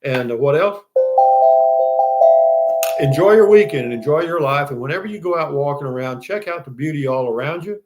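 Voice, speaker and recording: A man's voice: a little high, animated, normal speed, long pauses, loud music behind the voice. Folksy older Texan man. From Texas. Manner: folksy, rambling, with frequent restarts and "you know what I mean". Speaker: live stream host. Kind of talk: casual live stream chat, reading comments.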